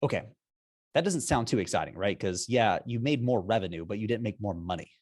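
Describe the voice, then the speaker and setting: A man with a slightly low voice speaks as an interview guest. He explains business strategy in an upbeat, persuasive way, asking himself rhetorical questions and chuckling often. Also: expressive, brisk, darkish tone. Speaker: guest, repricing software founder.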